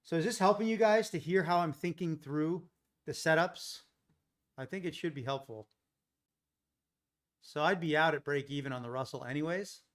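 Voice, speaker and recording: A man's voice: on the high side, moderate pace, long pauses. Chatty man streaming live trades. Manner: chatty, thinks aloud, jokes with chat. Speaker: day trading livestream host. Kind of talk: live trading commentary.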